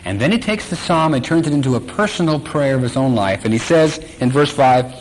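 A man's voice: medium pitch, lively intonation, fairly quick, a little hiss or hum, rough recording. A man teaching a sermon who keeps quizzing his congregation and acting out quotes. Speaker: Bible teacher.

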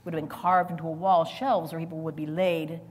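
A woman preacher delivering a sermon with dramatic swings between loud, forceful lines and near whispers. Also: low voice, level tone, fairly quick, long reverb tail.

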